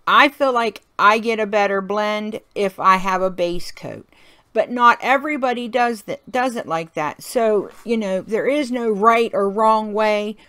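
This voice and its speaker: A woman's voice: mid-range voice, measured pace, fairly bright tone. A woman hosting a card-making tutorial, talking in a chatty, folksy way while she works and laughing often. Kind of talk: casual crafting tutorial narration.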